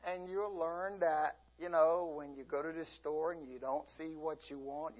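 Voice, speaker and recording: Man, pastor giving a sermon, slow unhurried delivery, dull muffled recording. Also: fairly high pitch, steady tone. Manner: folksy, often laughing, acts out everyday scenes.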